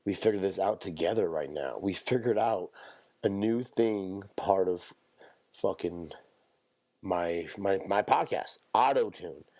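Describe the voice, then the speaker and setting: A man hosts a solo podcast from a home setup, rambling in loose, profane chat full of joking asides. His voice is gravelly and he talks at an unhurried, drawn-out pace. He coughs and sounds stuffed up, and the recording is dry and close. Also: deep voice, a little mellow, no echo. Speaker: podcast host.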